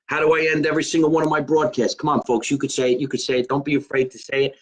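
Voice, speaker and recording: A man's voice: medium pitch, flat delivery, very fast, slightly rough, rough recording. A man hosting his own live stream, chatting casually and joking in a rambling way. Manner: chatty, rambling, joking about being Italian. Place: his home.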